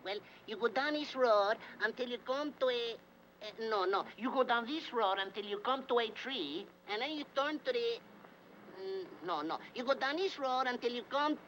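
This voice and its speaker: A woman's voice: on the high side, lively intonation, moderate pace, a bit bright, a little hiss or hum, rough recording. A woman playing a flustered woman in an old film comedy who keeps restarting her road directions. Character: dithering woman giving muddled road directions.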